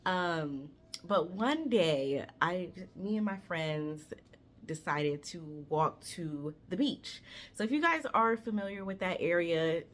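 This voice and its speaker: A woman around thirty telling a story on her vlog in a chatty, animated way, swearing freely and talking straight to her viewers. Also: lowish voice, takes it slowly.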